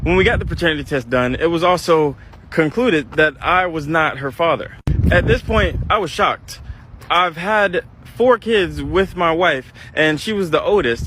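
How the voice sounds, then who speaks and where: Guy telling his own story straight, kinda high voice, earnest and chatty, faint car hum behind. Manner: earnest, conversational, with restarts. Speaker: father telling a confession. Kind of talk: casual first-person storytelling.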